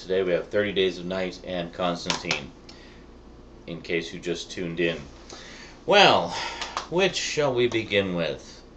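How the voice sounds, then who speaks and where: A man's voice: low voice, highs cut off, noisy background. A man hosting his own review show, chatting casually with wry, rambling asides. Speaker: video reviewer, show host.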